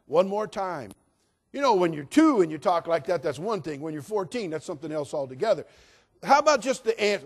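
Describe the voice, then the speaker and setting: Brief: male pastor, higher-pitched voice, folksy and emphatic, sermon delivery. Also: big pitch swings, fairly quick. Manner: folksy, emphatic, swinging from hushed to loud.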